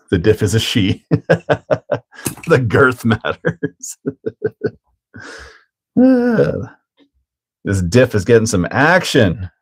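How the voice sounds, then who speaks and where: A man with a somewhat low voice talks casually through a live build stream. He jokes, laughs often and answers his viewers as he works. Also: very animated, slow, pauses often, breathy edge. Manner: jokey, laughs often, reads and answers chat. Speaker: host of a hobby livestream.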